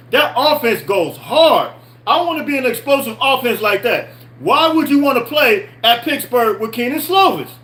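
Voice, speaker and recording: A man's voice: very high-pitched, sharp tone, rough recording. A man hosting a live-stream sports podcast, talking casually, answering chat comments and repeating himself with rhetorical questions. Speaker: podcast host.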